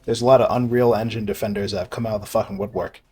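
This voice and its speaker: A young man casually rambling and swearing as he plays a video game, sarcastic and quick to laugh at himself. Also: on the low side, steady tone, dark tone, husky. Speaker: gaming video creator. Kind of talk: casual rambling commentary while playing.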